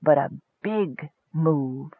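Coaxing dream-voice whisper, slow and hushed, read by a man; narrow, dry recording. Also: sits high, expressive, husky, no room sound, exaggerated voice. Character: soft, whispering dream voice, seductive.

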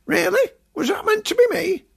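A man voicing a fussy, officious middle-aged male showbiz agent in a comic radio act, with a high-pitched, gravelly voice. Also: big pitch swings, moderate pace, full character voice. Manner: indignant, prim and officious. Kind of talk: comic radio character acting.

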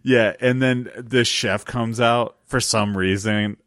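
A podcast co-host chats casually, laughing a lot and telling stories with plenty of energy. His voice is medium-pitched and slow, recorded clean in a studio with no room sound.

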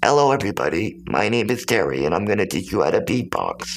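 A man putting on a deep gravelly robot voice. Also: very animated, fast talker, exaggerated voice. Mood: flat mechanical. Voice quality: gravelly inhaled speech. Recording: noisy recording.

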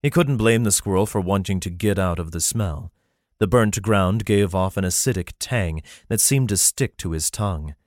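A man narrating a fantasy novel in a steady, even storytelling manner. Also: deep voice, moderate pace, dry recording, clean studio sound. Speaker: audiobook narrator.

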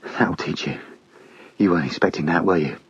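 Man voicing unraveling volatile man, low husky voice, yells and whispers, dull dry recording. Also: animated, moderate pace, dry recording, full character voice. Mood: whispered. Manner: swings from yelling to hushed whispers.

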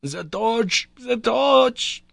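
Audiobook role: a male reader doing an older, high-strung professor uncle, raised and strained in pitch, insistent and urgent, with a thin, altered tone. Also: a little slow, a bit bright, no echo. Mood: frantic.

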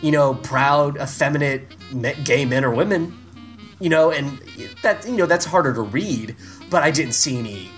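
A man's voice: a little high, moderate pace, faint music behind. A man hosting a casual chat, telling stories with exasperated asides. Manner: animated storytelling with exasperated asides.

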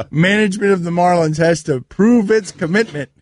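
A man's voice: high-pitched, normal speed, noisy background. Wry man hosting studio talk radio. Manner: wry, teasing, rambling. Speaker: host. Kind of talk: sports radio banter. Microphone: studio mic.

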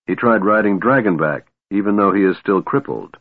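A man voicing a cold, scheming female warlord who speaks coolly and smoothly. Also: lowish voice, moderate pace, no room sound. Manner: cool, cutting, smooth. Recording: narrow phone-like sound, dry.

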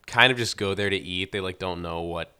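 A young man co-hosting a podcast, casually recapping a film plot in a relaxed, filler-heavy way. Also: low-pitched, fairly quick, smooth. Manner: relaxed storytelling, many fillers. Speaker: podcast co-host. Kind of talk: casual film review chat.

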